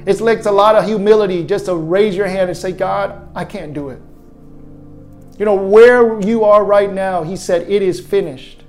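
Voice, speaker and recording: A man with a notably high voice delivers an earnest, repetitive sermon and leads a spoken prayer. Faint music plays quietly behind him. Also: fairly even intonation, normal speed, few pauses. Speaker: preacher. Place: his own online broadcast to viewers at home.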